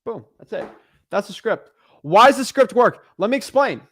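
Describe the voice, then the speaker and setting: A man's voice: high-pitched, lively intonation, moderate pace, fairly bright tone, slightly rough. A man in his twenties teaching real estate wholesaling on a livestream, talking in a hyped-up, rambling way and correcting himself often.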